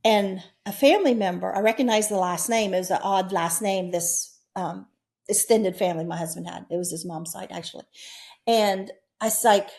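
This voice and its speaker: Woman, 60s, interview guest, heartfelt storyteller, mid-range voice that jumps up high and loud in the tense moments. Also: normal speed, gravelly. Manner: earnest, emotional storytelling with sudden high, loud bursts. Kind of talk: recounting personal near-death experiences.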